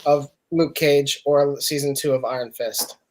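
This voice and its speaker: A relaxed man chats and jokes on a podcast. His voice sits a little high, and he speaks in an easy, offhand way. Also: a little slow, slight background noise. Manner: easygoing, joking. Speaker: podcast co-host. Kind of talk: casual chat.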